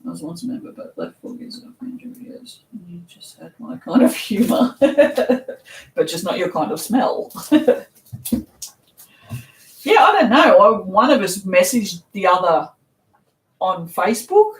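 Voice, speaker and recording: A woman's voice: mid-range voice, sing-song, measured pace, long pauses, distant mic. An Australian woman chatting casually while she packs orders, reading comments aloud, laughing often and swearing offhandedly. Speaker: soap shop owner packing orders. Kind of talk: casual live-stream chat while working. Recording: echoey room, voice somewhat off mic, faint noise.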